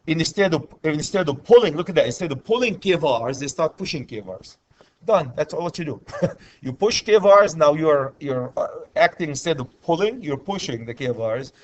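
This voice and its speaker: A man's voice: on the high side, lively intonation, normal speed. A man teaching an electrical class, often stopping to ask students for questions. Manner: repetitive, checks in with students often. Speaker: electrical instructor. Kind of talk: classroom lecture.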